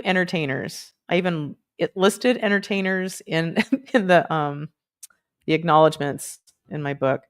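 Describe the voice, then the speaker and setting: A woman's voice: low-pitched, a little slow, clear, resonant tone. A woman hosting a casual livestream, chatting in a rambling, playful way with lots of fillers and asides. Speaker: livestream host.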